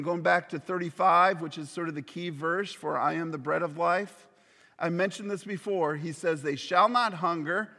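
An earnest male pastor delivers a sermon in a slightly higher-pitched voice. He sometimes sinks to a near whisper on key words. The sound carries a long hall reverb. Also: pushed and bright.

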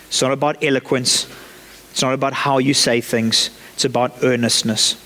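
A man's voice: medium pitch, level tone, brisk, bright, forceful tone, in a large hall. A man preaching a sermon in a church, conversational and lightly joking as he talks the congregation through his points.

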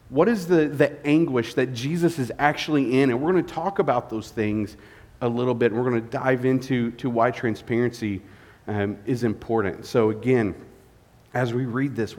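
A man, a guest pastor, preaching a sermon, candid and tired, halting with fillers. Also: medium pitch, a little mellow. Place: church sanctuary. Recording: long reverb of a church hall.

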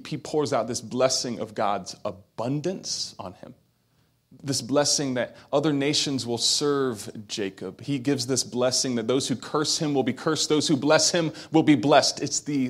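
A man preaching a sermon, retelling a story with acted quotes and building to emphatic peaks. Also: medium pitch. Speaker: pastor.

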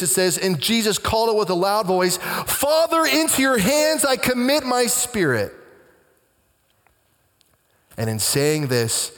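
A male pastor preaching a sermon with dramatic swings between hushed and booming delivery. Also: long reverb tail.

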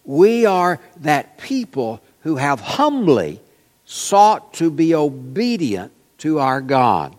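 Lively, higher-voiced man preaching in a hall. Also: takes it slowly. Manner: folksy storytelling with frequent fillers. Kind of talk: sermon. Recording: long reverb in a large hall.

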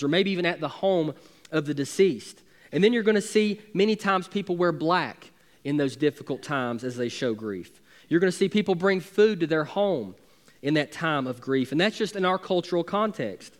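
A man, preaching a sermon as pastor with emphatic, building intensity. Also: fairly high pitch.

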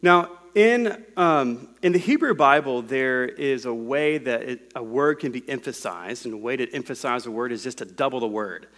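A man's voice: mid-range voice, moderate pace, hardly any pauses, a bit bright. A man preaching a sermon to a congregation in a room, explaining scripture word by word in a patient teaching tone.

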